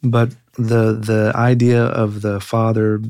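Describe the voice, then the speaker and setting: Gravelly, low-voiced earnest pastor. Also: male voice, level tone, darkish tone, no room sound, clean studio sound. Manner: earnest, halting with many fillers. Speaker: pastor and guest. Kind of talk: reflective conversational storytelling.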